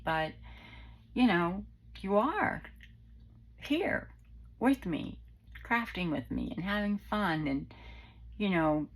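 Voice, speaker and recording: A woman's voice: on the low side, gravelly, husky, rough recording. A middle-aged woman, chatting casually and rambling with many ums as she hosts her craft channel. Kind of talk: casual chat to viewers.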